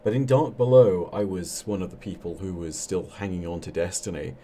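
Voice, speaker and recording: A man being interviewed as a guest on a podcast. He talks reflectively about how he came to storytelling, with a measured delivery and many fillers. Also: low voice, warm tone, a little hiss or hum.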